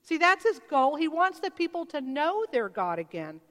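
A woman preaching a sermon, retelling a scripture story with animated storytelling and acted-out voices. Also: high voice, moderate pace. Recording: long reverb of a large hall.

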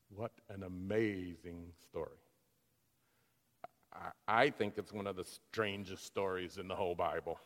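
A male preacher retelling a scripture story dramatically, then reflecting on it in a sermon. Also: medium pitch. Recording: long hall reverb.

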